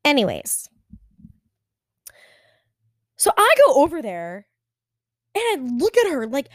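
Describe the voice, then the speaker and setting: A woman in her twenties telling a story in an animated, exasperated way. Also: high voice, slow pace, long pauses, no room sound. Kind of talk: storytime vlog.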